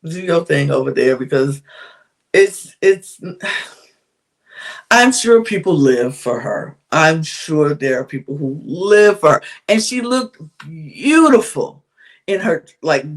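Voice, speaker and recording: A woman's voice: deep voice, very animated, a little slow. A woman hosting a podcast, giving a candid, chatty recap of a reality show, with frequent sighs and laughs. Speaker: podcast host.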